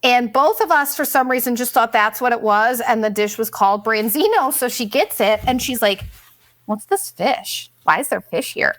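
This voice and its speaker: A woman's voice: a little high, lively intonation, normal speed, fairly bright tone, dry recording, clean studio sound. A middle-aged woman telling candid, profane stories in a casual chat, often putting on voices to quote people. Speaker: vlogger. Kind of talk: casual storytelling monologue.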